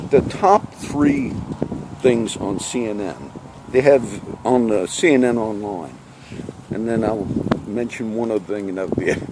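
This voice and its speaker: A man vlogging in a rambling, chatty way, often losing his train of thought. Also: lowish voice. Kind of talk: rambling casual monologue. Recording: outdoor wind and traffic noise.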